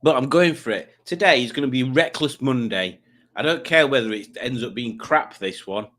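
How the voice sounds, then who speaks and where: A man's voice: mid-range voice, normal speed, a bit bright. Male stream host; rambling, self-mocking banter, casual and jokey. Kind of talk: casual livestream chat.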